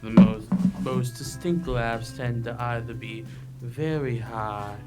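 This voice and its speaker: Brief: man voicing a measured lecturer on villain laughter, unhurried delivery, game score underneath. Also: mid-range voice, lightly acted. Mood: lecturing. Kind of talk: reading game dialogue aloud. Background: game music.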